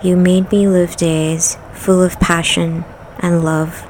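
A woman's voice: on the low side, level tone, slow pace, darkish tone, slight background noise, poor audio. A woman from the United Arab Emirates with an Arabic accent, reading out questions to camera and answering each one plainly. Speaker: vlogger doing an accent challenge.

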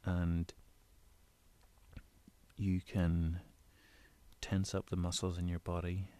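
A man in his bedroom giving casual spoken tips on voice recording, explaining in a relaxed, rambling way. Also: sits low, takes it slowly. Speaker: audio creator giving tips. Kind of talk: casual instructional talk.

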